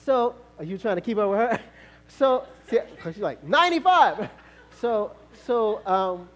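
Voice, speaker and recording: A male pastor preaching a sermon, telling a story in a conversational way with laughter and sudden shouts. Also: high voice, unhurried.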